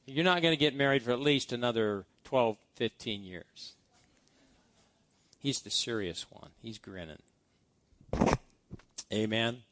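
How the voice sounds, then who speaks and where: A man's voice: mid-range voice, unhurried, pauses often, fairly bright tone, no echo. A male pastor preaching a sermon, reciting scripture-based blessing prayers with emphasis. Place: church.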